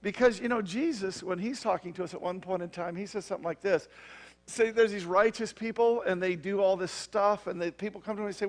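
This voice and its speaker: A man with a rather high voice preaches in a loose, conversational way. He circles back on himself and keeps checking in with the congregation. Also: brisk. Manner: rambling, frequent "you know what I mean" asides. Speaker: pastor. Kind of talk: conversational sermon.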